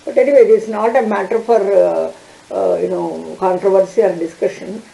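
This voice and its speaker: A woman teaching an online law class, talking haltingly with many fillers and restarts. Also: medium pitch, steady tone, vocal fry, warm tone, roomy sound, poor audio.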